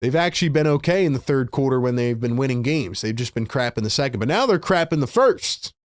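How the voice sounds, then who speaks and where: Male stream host, mid-pitched voice, dry close mic, casual fan play-by-play, quick to get worked up. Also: no room sound. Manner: excitable, frustrated fan talk with slang.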